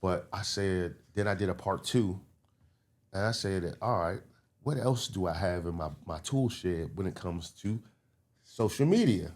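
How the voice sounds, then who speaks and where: A man from the Baltimore and DC area with a fairly low voice tells stories on a podcast. He is animated and loose, now and then dropping into quick city-voice impressions as he talks. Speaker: comedian guest. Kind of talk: casual podcast storytelling.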